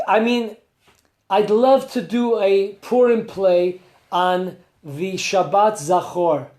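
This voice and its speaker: A man's voice: high voice, darkish tone. A man, a rabbi, giving a conversational Torah class with rhetorical questions and asides. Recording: echoey room.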